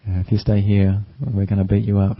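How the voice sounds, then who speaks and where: A man's voice: on the low side, completely flat delivery, brisk, no echo, lightly acted. A man voicing angry palace guards who bluster and threaten a demon. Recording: dull lo-fi recording.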